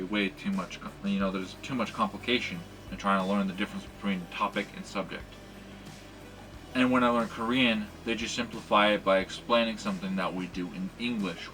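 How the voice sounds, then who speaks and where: A man's voice: lowish voice, sharp tone. A man teaching a language lesson in a casual, rambling way, with many fillers and restarts.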